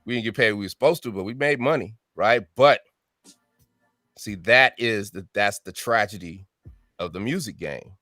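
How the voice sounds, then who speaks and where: Guy in his 50s, low voice, telling his story all animated, keeps saying right?, dry close sound. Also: normal speed, no room sound, soft background music. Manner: animated storyteller who acts out quoted voices; frequent tag question "right?". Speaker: music artist guest. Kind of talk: storytelling interview.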